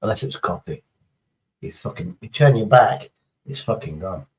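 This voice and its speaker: A man's voice: fairly low pitch, animated, moderate pace, a little hiss or hum, poor audio. A man chatting casually on a live stream, rambling through a story and swearing heavily as he reads the chat.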